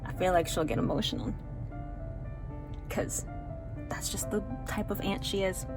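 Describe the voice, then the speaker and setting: A young woman vlogger telling a personal story in a chatty, excited way, laughing often. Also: medium pitch, a little slow. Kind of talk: casual storytelling vlog. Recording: music playing behind the voice.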